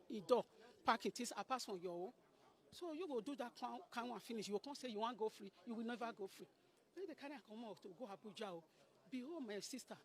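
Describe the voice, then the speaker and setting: A woman's voice: mid-range voice, darkish tone. A middle-aged woman with a Nigerian Pidgin English accent, giving an emotional account to a reporter, often calling her listener "my sister". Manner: pleading, repeats phrases, addresses listener as sister. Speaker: interviewee, landlady caretaker.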